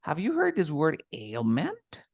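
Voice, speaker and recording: Male English tutor, animated and patient, bilingual explanations, lively pitch. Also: unhurried, creaky, no echo. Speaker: English teacher.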